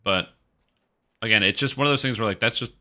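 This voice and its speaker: A man's voice: lowish voice, fairly quick, sharp tone. A man streaming a video game and chatting casually in a rambling way with many fillers. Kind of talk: casual gaming commentary.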